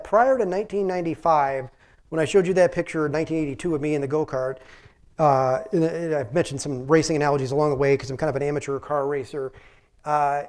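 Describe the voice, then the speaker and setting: A man's voice: on the high side, a little mellow. Middle-aged man giving a casual lecture. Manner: conversational, rambling, frequent restarts. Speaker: physician giving a public lecture. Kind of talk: informal lecture with anecdotes. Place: public library talk.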